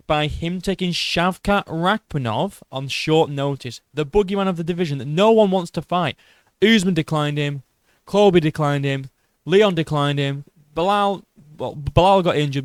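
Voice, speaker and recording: A man giving casual commentary in a fairly high voice, excitable and profane. He rambles and restarts as he talks. The sound is dry and close. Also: moderate pace, dry recording. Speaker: host.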